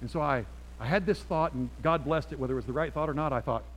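Emphatic preacher man, slightly high voice. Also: fast talker, a little hiss or hum, low-quality recording. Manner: emphatic, swings from loud exhortation to quiet storytelling. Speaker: pastor. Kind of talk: sermon. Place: church, in front of a congregation.

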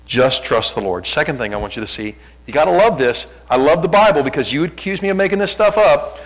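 A man's voice: on the high side, expressive, a little fast, few pauses, a bit bright, low-quality recording. A middle-aged man preaching a sermon as a pastor, conversational and self-deprecating, often restarting his sentences.

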